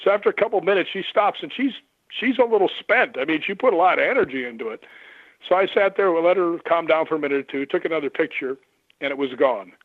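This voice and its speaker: A man's voice: fairly high pitch, quick pace, no echo. Man telling ghost stories over a tinny phone line. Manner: animated anecdotes, acts out quoted voices. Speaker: guest paranormal investigator. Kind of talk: storytelling on a radio call-in.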